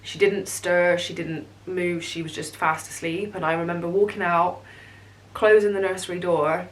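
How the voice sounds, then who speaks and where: A young woman telling a personal story on her vlog, emotional and halting, close to tears. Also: fairly low pitch, fairly even intonation. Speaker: vlogger.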